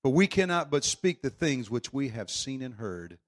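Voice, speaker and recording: A man preaching a sermon with fervent energy, swinging from shouts to quiet storytelling. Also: mid-range voice, sing-song, moderate pace.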